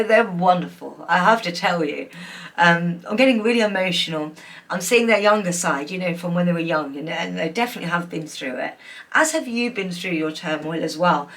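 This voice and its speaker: A woman's voice: lowish voice, fairly bright tone. A woman giving a pick-a-card tarot reading, emotional and gushing, with many fillers. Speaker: tarot reader.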